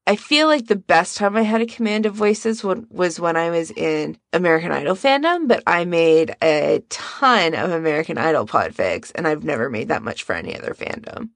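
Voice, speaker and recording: A woman's voice: on the low side, big pitch swings, moderate pace, few pauses, no echo. A woman hosting a podcast, chatting casually about fan audio recordings and laughing often. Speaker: podcast host.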